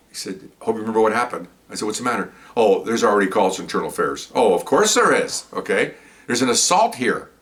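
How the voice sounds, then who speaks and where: A man, a former police officer, telling a story from his work in a casual, animated way and acting out what the others said. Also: mid-range voice, recorded from a distance. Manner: animated, acts out the other people's lines, gets louder as the story builds.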